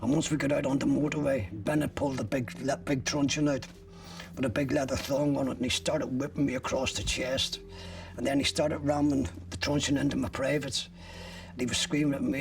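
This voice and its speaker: A man's voice: mid-range voice, flat delivery, a little fast, creaky, recorded from a distance. An older man from Ireland bluntly retelling his own arrest in vivid first-person detail, swearing freely. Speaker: interviewee recounting his arrest.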